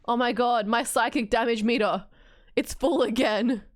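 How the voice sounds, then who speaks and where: A woman's voice: fairly high pitch, a little hiss or hum. An Australian woman streaming a game live, chatting in a bubbly, joking way. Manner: bubbly, chatty, quick to joke.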